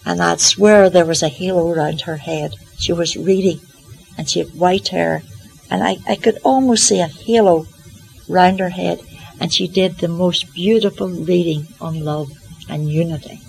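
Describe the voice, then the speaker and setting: An older woman sharing a personal testimony in an earnest, gently humorous, reflective way. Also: lowish voice, fairly even intonation, normal speed, creaky, rough recording. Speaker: Christian Science practitioner.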